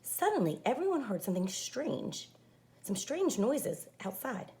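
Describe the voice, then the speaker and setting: A woman teacher reading a fairy-tale picture book aloud in an expressive way. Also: fairly high pitch, unhurried, a little hiss or hum. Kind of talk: storybook read-aloud.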